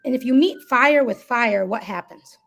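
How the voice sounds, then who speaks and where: A woman's voice: fairly high pitch, moderate pace, gravelly, a bit bright. A woman speaking as a guest in a live conversation, explaining reflectively and often checking in with "right?". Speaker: guest, listening workshop co-founder.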